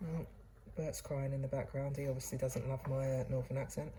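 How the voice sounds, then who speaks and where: A woman's voice: very deep voice, flat delivery, a little fast, warm tone, a little hiss or hum, poor audio. A woman hosting a casual cooking demonstration, chatting to viewers in a chatty, self-deprecating way. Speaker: cooking channel host. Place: kitchen away from home.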